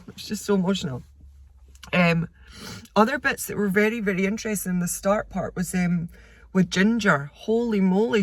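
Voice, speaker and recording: A woman's voice: fairly low pitch, dry recording. A woman reviewing a book in a casual vlog. She talks in an effusive, emotional way with many fillers. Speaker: vlogger.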